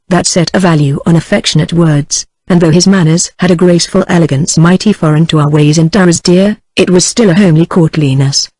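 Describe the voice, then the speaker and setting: A text-to-speech woman's voice with an American accent reading a classic novel aloud in an even synthetic cadence. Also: lowish voice, dry recording, low-quality recording. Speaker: audiobook narrator.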